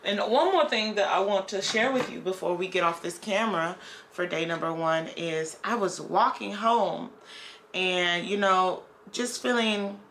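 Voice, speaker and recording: A woman's voice: mid-range voice, measured pace, a bit bright, a little hiss or hum. A woman vlogger talking candidly in a casual, rambling video diary.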